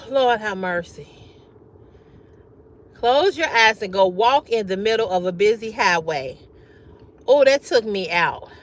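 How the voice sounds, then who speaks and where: Lively slow-talking woman livestream host. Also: mid-range voice. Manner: animated, reads comments aloud and reacts; bursts into loud laughter often. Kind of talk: casual livestream chat with viewers.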